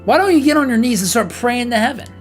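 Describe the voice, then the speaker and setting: Man putting on a shrill mocking voice in the mind. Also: expressive, fast talker, faint music behind. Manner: mocking, taunting, high and loud. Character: vulgar fierce male voice inside the mind.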